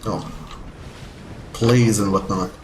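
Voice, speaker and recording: A man streaming a video game live, swearing at the game and chatting with viewers in an excitable way. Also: on the low side, takes it slowly, noisy background. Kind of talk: live gameplay commentary.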